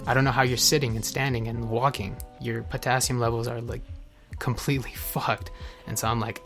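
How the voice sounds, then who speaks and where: A young man speaks candidly about his own struggles, earnest and confessional, often restarting his sentences. His pitch stays flat and level. Music plays clearly beneath him. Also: a little fast. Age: young adult. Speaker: person sharing his recovery story. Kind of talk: candid personal testimony.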